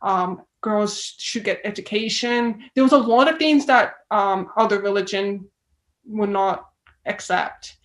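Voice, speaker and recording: A woman's voice: mid-range voice, unhurried, low-quality recording. A woman with an Australian accent, a filmmaker guest chatting casually and acting out the reactions she quotes. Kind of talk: casual interview chat.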